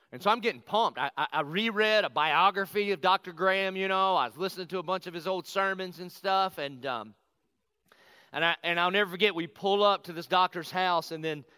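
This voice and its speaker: Bright, crisp-voiced storytelling pastor. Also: male voice, sits high, no room sound. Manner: animated, conversational, acts out quotes. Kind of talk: storytelling sermon.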